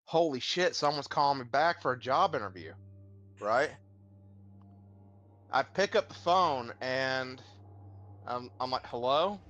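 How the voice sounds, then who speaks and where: A man's voice: mid-range voice, unhurried, pauses often, muffled recording. A man streaming a game, telling stories in casual, profane chat with friends. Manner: profane, animated storyteller.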